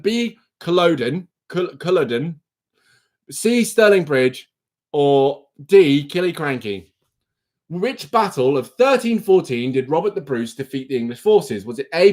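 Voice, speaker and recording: Lively young male quiz-stream host. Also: a little high. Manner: chatty, teasing, reads quiz questions and options aloud. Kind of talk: casual live-stream chat. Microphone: phone.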